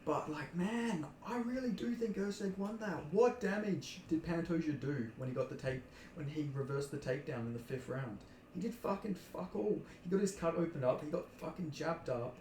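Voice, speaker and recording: A man's voice: a little high, moderate pace, a little mellow, roomy sound, a little hiss or hum. An Australian man from Perth, ranting heatedly and with lots of swearing about a fight decision he thinks was a robbery. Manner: heated, profane, indignant ranting. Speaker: MMA commentator. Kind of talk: angry fight reaction rant.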